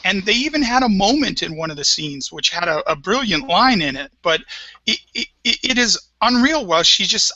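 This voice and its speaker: Bright eager guy on a tv show panel, dry close mic, keeps restarting sentences. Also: high voice, moderate pace, no room sound, highs cut off. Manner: enthusiastic, animated, repeats words when starting. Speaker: podcast panelist. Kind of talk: casual panel discussion of a TV series.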